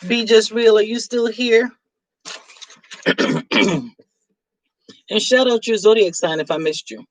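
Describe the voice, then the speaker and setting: A woman's voice: medium pitch, no room sound. A chatty, teasing middle-aged woman hosting a live stream and reading viewer comments aloud. Her close, dry voice sits right against the mic with no room sound, and she laughs often between remarks.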